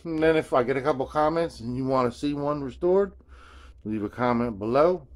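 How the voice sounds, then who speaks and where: With a mid-range voice at a fairly quick clip, a man rambles through his casual video journal. The storytelling is easygoing, heavy on slang and swearing, and he keeps dropping "man" and "you know what I'm saying."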